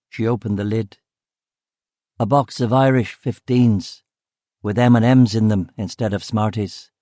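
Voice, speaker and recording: Low, dark-toned male audiobook narrator. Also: fairly even intonation, a little slow, no room sound, clean studio sound. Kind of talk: first-person noir narration.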